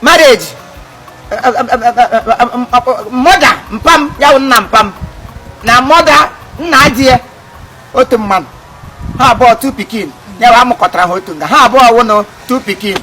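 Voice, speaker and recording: A man with a Nigerian accent performing a comedy skit as an uncle, loud and theatrical, stammering and wailing. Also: very high-pitched, a little fast, poor audio. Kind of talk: comedy skit, mixing Igbo and pidgin English. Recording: music playing behind.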